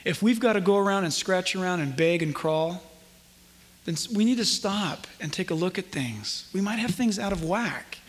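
A man preaching a sermon as pastor, with impassioned delivery and emphatic, drawn-out quotations. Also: high-pitched, lively intonation, long reverb tail.

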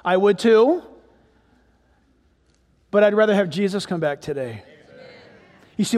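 A man's voice: high-pitched, animated, a little slow, pauses often, darkish tone. A man, a pastor, preaching a sermon in a conversational, storytelling way. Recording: echoey hall.

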